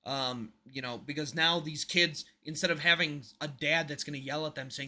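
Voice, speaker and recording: A man's voice: a little high, brisk, hardly any pauses, sharp tone. A man co-hosting a podcast, talking in casual opinionated chat. He is emphatic and rambling, and his voice drops to a mutter at the ends of his points. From United States. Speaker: podcast co-host.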